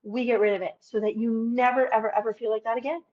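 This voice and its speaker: A woman guest in a casual interview, talking in an animated, emphatic way and swearing casually. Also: fairly high pitch, fast talker, lo-fi sound.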